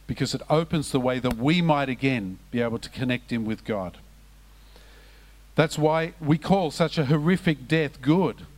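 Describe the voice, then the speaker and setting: A male pastor delivering a church sermon in a fairly high voice. He preaches with passion, sinking to hushed, quiet lines and then climbing to raised, emphatic cries. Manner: impassioned, swings between hushed lows and raised emphatic cries.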